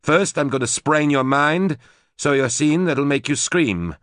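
A man voicing a vicious, unhinged male gang leader who snarls and shouts threats in an audiobook. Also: on the high side, measured pace, dry recording, studio quality, voice pushed up. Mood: menacing. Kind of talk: audiobook character voice.

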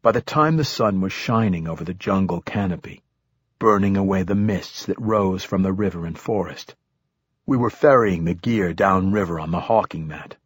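A male audiobook narrator telling a story in the first person, measured and reflective. His voice is deep and slightly husky. He is recorded close and dry, with no room sound. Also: dry recording.

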